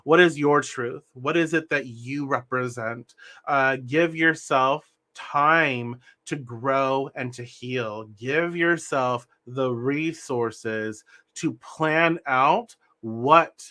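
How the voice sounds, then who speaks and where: A man's voice: medium pitch, takes it slowly, bright, forceful tone. A young man giving a spiritual tarot reading, earnest and meandering, often restarting sentences and talking with his hands. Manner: earnest, meandering, self-correcting. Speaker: tarot reader.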